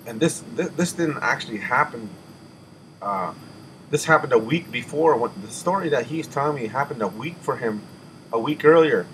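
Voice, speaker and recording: A man giving an emotional personal testimony, halting and restarting often, with sighs as he catches his breath. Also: medium pitch, expressive, a bit bright, poor audio. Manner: halting, with many restarts and repeated words. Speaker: person telling a spiritual testimony. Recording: audible background noise.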